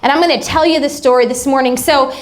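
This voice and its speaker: High-voiced woman pastor telling stories. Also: steady tone, fast talker. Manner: chatty, humorous anecdotes with acted-out quotes. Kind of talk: sermon storytelling.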